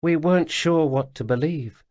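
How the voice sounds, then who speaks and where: A man reading an audiobook voices the ghost of a dead woman soldier who speaks in a quiet, murmuring, resigned way. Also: fairly high pitch, moderate pace, dry recording, voice pushed up, natural voice. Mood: calm, wry. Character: female soldier's ghost, calm, wry, gentle.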